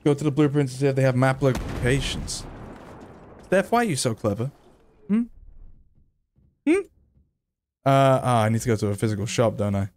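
Man, gameplay commentary, chatty, self-mocking, swears when frustrated, lively, swooping pitch. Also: moderate pace, pauses often. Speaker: gaming video creator.

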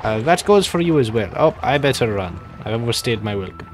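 Soft music plays under a young man's fairly quick let's-play commentary on his own game. His medium-pitched voice swings widely in pitch as he rambles, jokes and suddenly panics.

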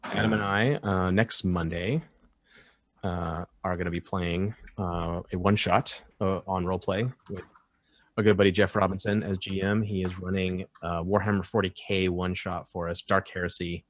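A man's voice: low-pitched, flat delivery, normal speed, no echo. A man, a game designer guest, chatting casually and enthusiastically with many fillers. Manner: enthusiastic, rambling, full of fillers. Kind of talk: casual promo chat.

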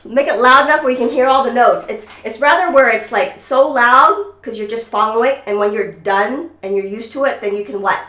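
A woman's voice: a little high, fairly quick, few pauses, a bit bright, echoey room, distant mic. A woman teaching violin over a video call, coaching a student and singing rhythms aloud. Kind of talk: online music lesson.

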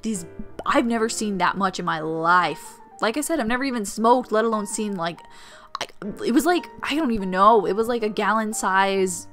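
A woman's voice: medium pitch, a bit bright. A young adult woman telling college stories as a casual storytime vlog, chatty and full of fillers. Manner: chatty, filler-heavy, vivid retelling. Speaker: storytime vlogger, former resident assistant. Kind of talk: casual storytime while drawing.

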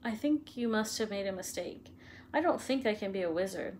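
A shy eleven-year-old boy, quiet and unsure of himself, as a woman reading aloud voices him. His words come soft and hesitant over a faint background hum. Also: fairly high pitch, fast talker, pitched above the performer's own voice, natural voice. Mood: doubtful.

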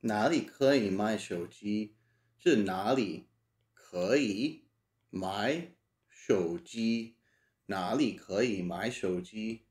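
A man talking casually through a study session, slowly repeating phrases aloud and thinking as he goes. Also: on the low side, darkish tone. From United States. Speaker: language learner teaching himself.

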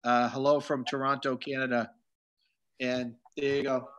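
A man's voice: medium pitch, flat delivery, moderate pace, a bit bright, highs cut off. A middle-aged man, hosting a casual live video session for kids, chatty and jokey as he reads out viewer greetings. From Massachusetts. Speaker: children's author and host. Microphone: video call.

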